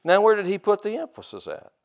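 A man's voice: high voice, huge pitch swings, fast, gravelly. A middle-aged man preaching a sermon, stretching out scripture quotes for emphasis and tossing casual asides to the congregation. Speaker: pastor.

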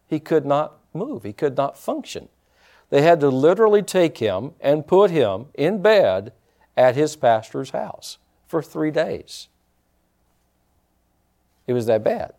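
A pastor delivering a sermon, preaching emphatically and breaking into dramatic shouts. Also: male voice, a little high.

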